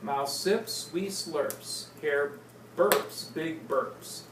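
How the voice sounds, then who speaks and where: Woman reading a kids book, super slow and playful, far from the mic in an echoey room. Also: sits low. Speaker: storyteller reading to children. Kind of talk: reading a picture book aloud. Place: indoors with small children. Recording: roomy, distant, noisy home recording.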